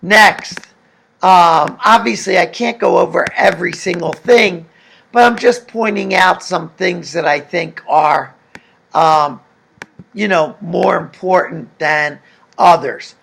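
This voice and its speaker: A man's voice: high voice, slow, creaky, a bit bright. A man teaching a recorded language lesson, patiently explaining and asking the class questions. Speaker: Spanish teacher.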